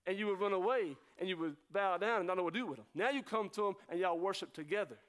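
A high-pitched man preaches to his congregation. He rushes with excitement, then slows right down to drive each point home. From North Carolina. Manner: fast-talking, excitable preaching with sudden slow emphasis. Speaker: pastor. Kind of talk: sermon.

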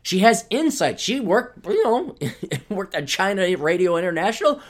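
A male podcast host reads an article aloud and tears into it with sarcastic, mocking commentary at a moderate pace. His pitch swings widely, jumping high when he gets indignant.

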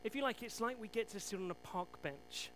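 A man preaching a sermon, retelling Bible stories in an animated way with self-deprecating asides. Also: high voice, a little fast, soft background music, rough recording.

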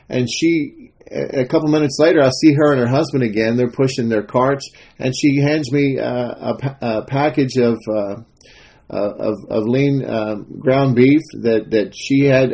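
A man's voice: mid-range voice, darkish tone. A man giving an informal devotional talk as a minister, telling a story with many fillers and restarts. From Texas.

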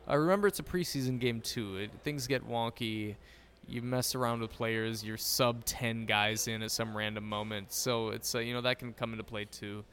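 A man's voice: mid-range voice, moderate pace. A man hosting a casual sports podcast, joking and sarcastic. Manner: sarcastic, jokey, deadpan insults. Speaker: podcast host.

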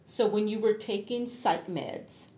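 A woman's voice: medium pitch, a little slow, mellow. A woman interviewing someone, asking probing questions and giving brief prompts. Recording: roomy echo, faint background noise.

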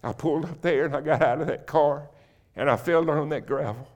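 A middle-aged man, a guest preacher in a church, telling his own conversion story and building to loud, emphatic preaching. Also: on the high side, fairly quick. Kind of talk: sermon. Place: church sanctuary.

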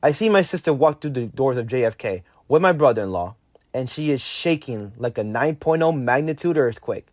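A teenage boy reading a personal story aloud, lively and lifting his voice for his own quoted lines. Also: normal speed, dry recording. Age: teens. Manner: lively, jumps higher when quoting his younger self. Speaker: narrator.

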